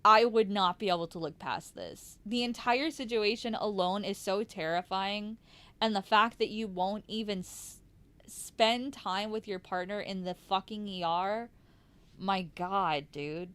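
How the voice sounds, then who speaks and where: A woman's voice: mid-range voice, unhurried, a bit bright, smooth, dry recording. A woman streamer chatting casually, blunt and swearing freely. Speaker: streamer reacting to stories. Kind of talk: casual chat.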